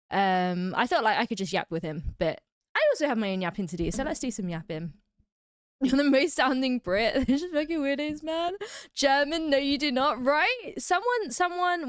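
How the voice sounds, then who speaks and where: A woman's voice: fairly high pitch, clear, resonant tone, no echo, studio quality. A woman from England with an English accent, chatting casually on a livestream, rambling and laughing often. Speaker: streamer.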